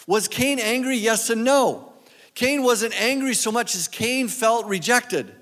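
A man's voice: extremely high pitch, measured pace, fairly bright tone, long reverb tail. A man preaching a sermon as guest speaker, talking conversationally and asking his listeners questions. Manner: conversational, asks the audience questions.

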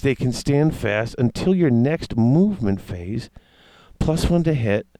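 A man in casual chat, reading tabletop game rules aloud and reacting with excitement. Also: a little high, no echo. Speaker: tabletop wargame player discussing rules.

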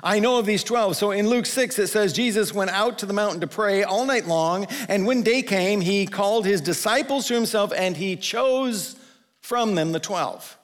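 A pastor in his own voice delivers a sermon in a relaxed, conversational way. His voice sits a little higher than most men's. He slows right down to lean on the scripture he quotes, and the sound carries the long reverb of a large sanctuary. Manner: conversational preaching, quotes scripture with slowed emphasis.

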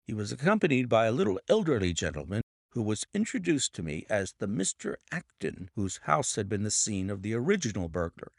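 A man narrating a detective mystery audiobook with dramatic, expressive storytelling. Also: fairly low pitch, fairly quick, gravelly, few pauses, dry recording, clean studio sound. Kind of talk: scripted narration.

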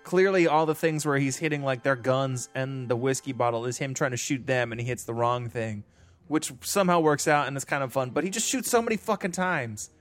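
A man's voice: mid-range voice, fairly quick, faint music behind. A man co-hosting a casual movie podcast, poking holes in the plot with dry sarcasm. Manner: critical, nitpicking, sarcastic. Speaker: podcast co-host. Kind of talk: casual movie-discussion banter.

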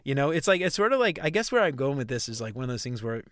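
Male podcast co-host, New Orleans accent, chatty and self-correcting, mid-pitched, dead dry room. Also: very animated, rapid-fire, a bit bright, no echo. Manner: rambling, laughs often, self-correcting. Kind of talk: casual chat.

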